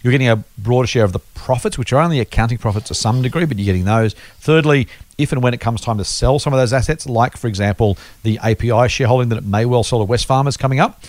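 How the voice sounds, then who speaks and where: A man's voice: medium pitch, quick pace, a little mellow. A man co-hosting an investing podcast, explaining points patiently with worked examples in casual chat. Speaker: podcast co-host.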